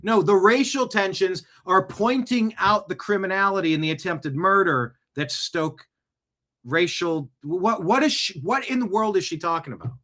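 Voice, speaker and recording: A male show host who reacts to news clips with animated, sarcastic rants. His voice sits fairly high and sounds bright and forceful. He argues back at what he is watching. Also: normal speed. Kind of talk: political commentary reacting to clips.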